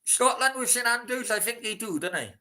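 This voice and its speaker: A man's voice: very high-pitched, expressive, a little fast, bright, forceful tone. A man hosting a casual live stream, rambling, swearing freely and talking straight to his chat. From Wales.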